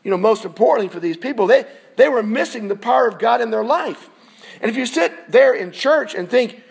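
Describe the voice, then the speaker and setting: A man's voice: sits high, expressive, fairly quick, gravelly. A male pastor giving a conversational sermon in a church, often asking the congregation rhetorical questions.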